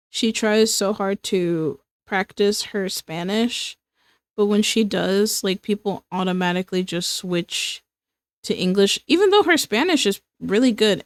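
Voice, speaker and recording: Young female streamer, casual drawing chat, slow filler-heavy delivery, dry mic. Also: medium pitch, no echo. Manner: rambling, filler-heavy, breaks into laughter. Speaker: streamer and illustrator.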